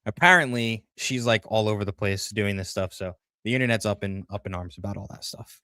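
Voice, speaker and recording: Low-voiced man rambling on a livestream. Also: fairly quick, sharp tone, no echo, studio quality. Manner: rambling, reads chat comments aloud. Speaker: livestream co-host. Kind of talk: casual livestream commentary.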